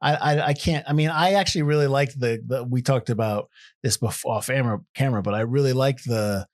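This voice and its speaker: A man co-hosting a casual film review podcast, rambling and getting animated as he argues his points. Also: mid-range voice, fairly quick, no echo, clean studio sound. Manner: rambling, animated when ranting.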